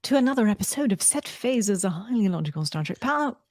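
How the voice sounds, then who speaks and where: A woman's voice: mid-range voice, lively intonation, fast, darkish tone, dry recording. Giggly woman opening a podcast, dry sound. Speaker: podcast co-host. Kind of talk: casual chat.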